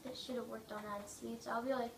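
A woman giving casual, rambling gameplay commentary, joking and mocking herself, her throat a little rough from coughing. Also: fairly high pitch, little pitch movement, a little fast, distant mic. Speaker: gaming video maker. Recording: echoey room, away from mic, faint noise.

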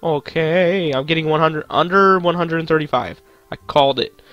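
A man's voice: on the high side, moderate pace, no room sound, dull audio. A young man commentating his own gameplay, joking to himself and swearing at the game. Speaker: gaming channel host.

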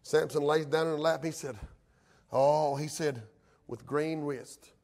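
Brief: male preacher, high tenor, folksy country delivery, hushed to shouting. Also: steady tone, unhurried. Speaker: pastor. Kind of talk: sermon.

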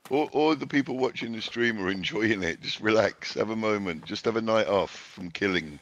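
Very deep gravelly man teasing a friend. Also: normal speed, no echo, highs cut off. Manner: teasing, swears freely. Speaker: friend and co-player. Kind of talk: casual gaming chat.

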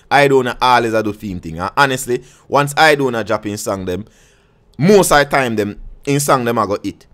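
A man's voice: mid-range voice, fairly bright tone. A man with a Jamaican accent giving casual commentary on dancehall music to his viewers, speaking heavy patois, rambling with frequent restarts and checking in with his audience. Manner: patois-heavy, keeps asking "you see me I say".

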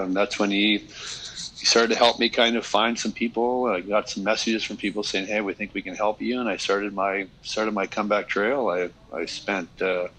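A deep-voiced man in his fifties talks through his past candidly, circling back and restarting as he goes. His tone has a sharp, forceful edge to it. It is a relaxed podcast interview. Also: low-quality recording. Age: 50s. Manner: candid, reflective storytelling with many restarts. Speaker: guest, retired hockey player.

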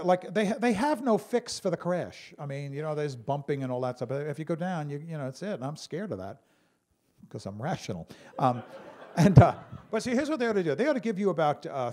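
A man performing a stand-up comedy routine on stage, telling stories with lively impressions of other people. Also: a little high, brisk. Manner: animated storyteller, mimics calm pilots and a Brooklyn guy. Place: stage before a live audience.

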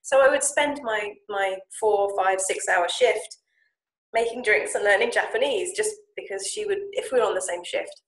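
Brief: woman, coach telling stories, animated, echoing room, mid-pitched voice. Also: normal speed. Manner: lively, animated retelling with acted-out quotes. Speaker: Japanese speaking coach and founder. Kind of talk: casual storytelling talk. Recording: echoey room.

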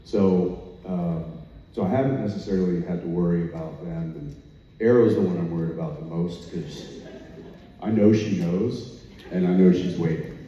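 A man's voice: deep voice, moderate pace, mellow, slight background noise. A man on a convention panel chatting in a wry, joking way with hesitant restarts. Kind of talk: casual chat. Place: convention hall stage. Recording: echoey hall from far off, dull.

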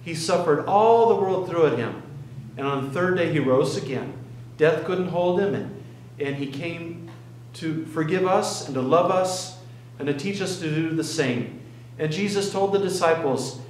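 A man's voice: fairly high pitch, a little hiss or hum. Earnest male pastor in an echoey church. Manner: earnest storytelling with pauses and restarts. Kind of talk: sermon. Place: church sanctuary.

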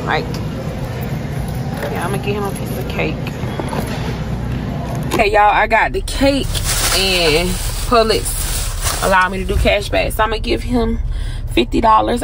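A woman's voice: medium pitch, gravelly, slight background noise. A woman talking casually to her followers from inside her car, chatty and emotional, often calling out to her viewers. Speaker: vlogger. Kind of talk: casual vlog chat.

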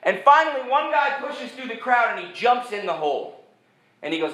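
A man preaching a sermon, animated and joking, who jumps from point to point. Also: very high voice, normal speed. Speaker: pastor. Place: church sanctuary. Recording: echoey church sanctuary.

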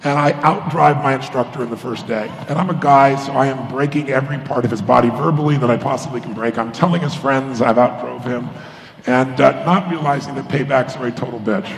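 A man's voice: mid-range voice, a little fast, gravelly, a little hiss or hum. A man giving a motivational keynote talk to a live audience, telling stories and acting out the voices of people in them. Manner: storytelling, acts out quoted voices. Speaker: motivational speaker. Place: large conference hall. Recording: echoey hall with faint ambience.

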